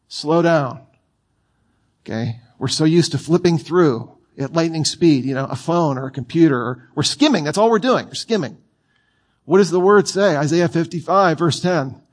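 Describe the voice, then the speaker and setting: A man preaching a sermon in a conversational, playful way, with asides to his listeners. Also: high-pitched.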